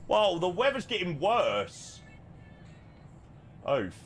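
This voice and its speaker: A British man streams himself flying a simulated airliner, chatting easily with his viewers. His pitch moves around a lot as he talks. He reads chat messages aloud and calls out weather and approach figures. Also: huge pitch swings, takes it slowly, faint music behind. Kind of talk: casual live-stream chat over flight sim.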